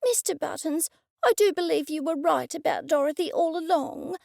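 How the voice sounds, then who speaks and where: A high-strung woman friend talks breathlessly and dramatically, as a woman narrator puts her on. Her voice sits very high, and there is a gravelly grain in it. The sound is dry and close. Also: moderate pace, a little mellow, no room sound. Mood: earnest.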